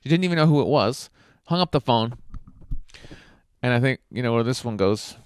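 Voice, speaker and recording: A man's voice: mid-range voice, expressive, normal speed, clear, resonant tone, no room sound, clean studio sound. A man telling candid, self-mocking dating stories in a casual monologue, swearing and using lots of fillers.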